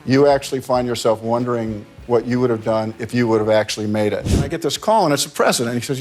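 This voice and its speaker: A man's voice: mid-range voice, quick pace, hardly any pauses, a little mellow. An older American man telling long casual stories on talk shows, rambling, laughing, and restarting his sentences. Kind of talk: casual anecdotes.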